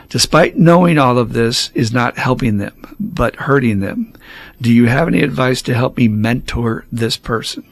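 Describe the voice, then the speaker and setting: A man's voice: on the low side, gravelly. A man hosting a recovery podcast, answering listener questions in a frank, conversational way and laughing between points. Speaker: podcast host and recovery sponsor.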